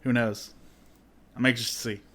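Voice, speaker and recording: A man's voice: medium pitch, flat delivery, normal speed, fairly bright tone. A man co-hosting a casual podcast, easygoing, laughing often and answering briefly. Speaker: podcast co-host.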